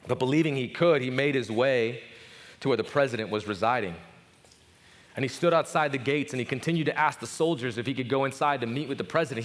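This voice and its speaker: A man preaching a sermon at a family camp, telling a story with passion that swings from hushed to soaring. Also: mid-range voice, fast, in a large hall. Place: speaking at a family camp gathering.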